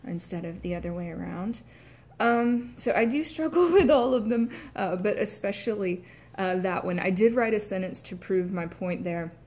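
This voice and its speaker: An American woman with a Southern accent, an actor casually explaining accent sounds, hesitant with many filler sounds and some throat clearing. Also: mid-range voice, lively intonation, normal speed, darkish tone, a little hiss or hum. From United States.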